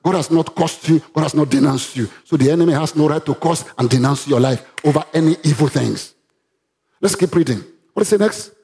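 A man with a Nigerian accent preaching a sermon, reading Bible verses aloud and breaking into sudden loud, animated rises. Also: on the high side, a little fast. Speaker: pastor.

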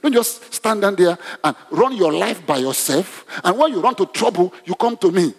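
A man's voice: sits high, lively intonation, moderate pace, creaky, slightly rough. A man preaching a conversational sermon in a church, often asking the congregation questions. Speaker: pastor. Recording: long hall reverb.

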